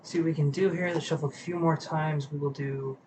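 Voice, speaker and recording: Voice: mid-range voice, a little fast. Sleepy tarot reader shuffling cards, chill and chatty, kinda noisy room. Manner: relaxed, chatty, greets viewers and pet. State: sleepy, yawning. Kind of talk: casual live-stream chat while shuffling cards.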